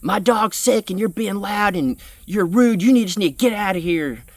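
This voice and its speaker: A shrill, accusing older woman who scolds in a raised voice, as a man mimics her while telling a story. The sound is close and dry, with no room around it. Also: fast, a bit bright, dry recording. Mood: angry, accusing.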